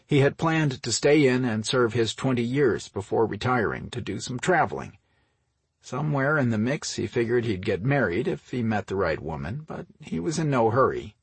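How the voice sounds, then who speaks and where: A man reading an audiobook as the narrator, in steady, even storytelling. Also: mid-range voice, normal speed, husky, dry recording. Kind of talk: scripted narration.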